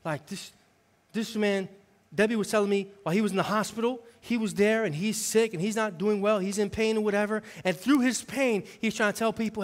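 A man preaching a sermon as associate pastor, telling a story in a lively, conversational way and swinging between loud preaching and quiet, intimate moments. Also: high-pitched, fast. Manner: animated storytelling, conversational with the congregation. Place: church sanctuary.

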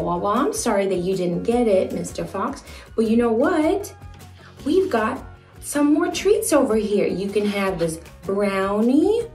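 Young woman teaching toddlers, slow and sing-songy, big praise, echoey room w/ soft music. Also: on the high side, distant mic. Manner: encouraging, exaggerated praise. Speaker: children's video host.

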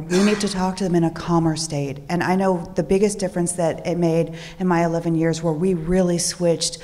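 A woman speaking as a social worker on a panel, in a calm, soft, steady voice. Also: lowish voice, in a large hall. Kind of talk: panel talk.

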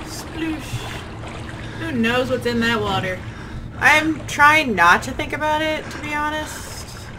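A woman's voice: sits high, lively intonation, slow, heavy background noise. Jumpy woman muttering through a horror game. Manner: jumpy, muttering, frightened exclamations. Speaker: gaming channel host. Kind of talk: horror game let's play commentary.

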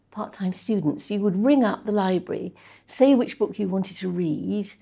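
Older woman, husky, gravelly, mellow tone, anecdotal interview talk. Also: mid-range voice. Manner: anecdotal, chuckling, with frequent ums and restarts. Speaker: interviewee, social policy researcher. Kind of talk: reflective conversational interview.

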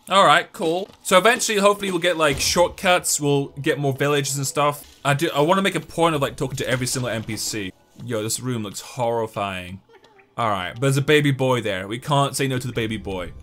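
Excitable gamer guy. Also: medium pitch, brisk. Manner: excitable and joking, talks to the game. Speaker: gaming YouTuber. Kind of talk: let's-play commentary.

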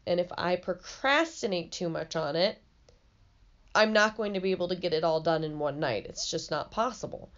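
A woman's voice: medium pitch, muffled recording. Woman reading a children's book aloud. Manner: explains ideas plainly for children. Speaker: storybook reader.

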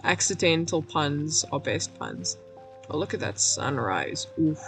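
A woman streaming a game, her voice going hoarse, rambling in a self-mocking way, cracking puns and laughing at herself. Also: deep voice, big pitch swings, measured pace, music in the background. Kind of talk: casual let's-play commentary.

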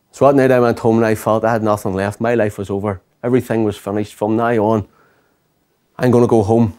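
A man's voice: on the low side, warm tone. A pastor telling his life story as an earnest personal testimony. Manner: earnest storytelling, quoting himself and others.

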